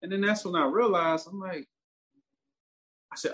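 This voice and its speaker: A man's voice: sits high, normal speed. A man, telling a story in casual, profane talk that turns heated. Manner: animated, profane, gets heated and loud.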